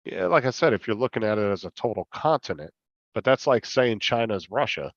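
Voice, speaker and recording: A man's voice: lowish voice, expressive, fairly quick, no echo. A man in a casual livestream chat who argues his points and explains at length. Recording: dull, dry lo-fi audio.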